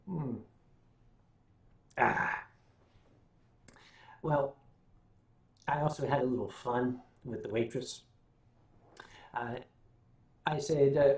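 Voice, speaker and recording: An older American man hosts a casual livestream, telling rambling, wry stories, humming between thoughts and answering viewer questions. His medium-pitched voice is fairly even in intonation, with drawn-out words and long pauses, and the recording has a roomy echo.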